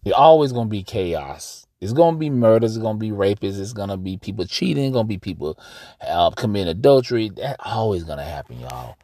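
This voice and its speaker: A man's voice: on the low side, very animated, brisk, dark tone, dry recording, clean studio sound. A young adult American man with an African American accent, hosting a casual podcast monologue outdoors and talking straight to his listeners. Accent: African American English. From United States. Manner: conversational, addresses listeners as y'all, emphatic. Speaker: podcast host.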